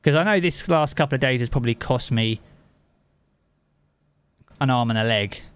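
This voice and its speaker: A man's voice: mid-range voice, normal speed, a bit bright, smooth, no echo. A man from England with a Southern English accent, a game streamer chatting casually with his live chat and swearing freely.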